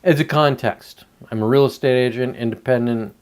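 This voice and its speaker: A man's voice: medium pitch, fairly even intonation, normal speed, smooth. A man ranting on a casual livestream, frustrated and profane, rambling with many restarts. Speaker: livestreamer and real estate agent.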